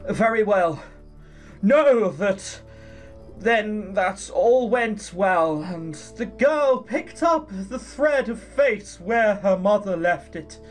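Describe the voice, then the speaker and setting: A man voicing solemn, ancient fairy beings who speak slowly and grandly. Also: high voice, expressive, soft background music, voice pushed up. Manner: slow, stately, portentous.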